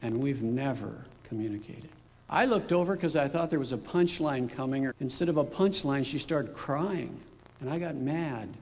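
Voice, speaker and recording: A middle-aged man, a father, telling his personal story in a reflective, unhurried way. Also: on the high side, a little mellow. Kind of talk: personal testimony. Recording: long hall reverb.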